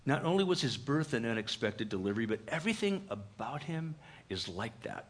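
A pastor delivering a conversational sermon in church, animated and full of "uh" fillers. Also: male voice, mid-range voice, fairly quick, breathy edge.

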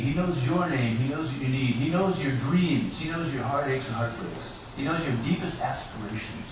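A man's voice: medium pitch, animated, moderate pace, few pauses. Male pastor in an echoey church. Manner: personal storytelling with joking asides. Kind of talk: Easter sermon. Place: church sanctuary. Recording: echoey church room, distant mic, background hiss.

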